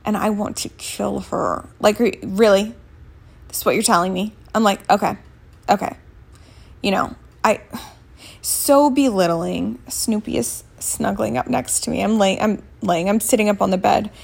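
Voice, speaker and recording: Sitting up on her bed at home, a woman in her 30s tells a story for a casual vlog, blunt, candid, and freely profane. Her voice is medium-pitched, creaky, and slightly rough, moving at a moderate pace.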